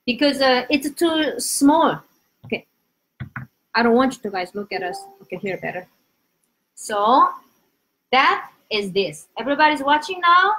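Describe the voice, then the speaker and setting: Woman, Korean accent, high voice, animated language teacher, casual live lesson, repeats words for pronunciation. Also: a little slow, long pauses, a little hiss or hum. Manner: animated, drills pronunciation with repetition.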